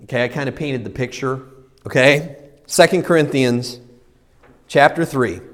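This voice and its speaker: A man's voice: medium pitch, normal speed, long reverb tail. A man preaching a sermon as a pastor, telling stories with energy and acting out the voices in his own head. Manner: animated storytelling, acts out his own inner voices.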